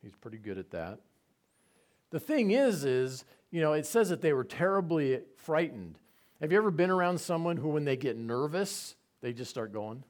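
A man giving a conversational Bible teaching, relaxed and asking his listeners rhetorical questions. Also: fairly high pitch, normal speed.

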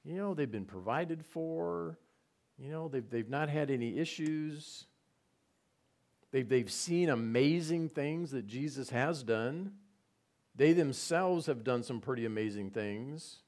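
A man's voice: medium pitch, animated, slow pace, darkish tone. A man preaching a conversational sermon, retelling scenes with repetition and side remarks. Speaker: pastor.

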